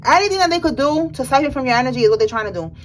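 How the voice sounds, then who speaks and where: A woman's voice: high-pitched, animated, rapid-fire, slight background noise, low-quality recording. A woman giving a general tarot reading in a casual, emphatic way, talking straight to the viewer with slangy speech. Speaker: tarot reader.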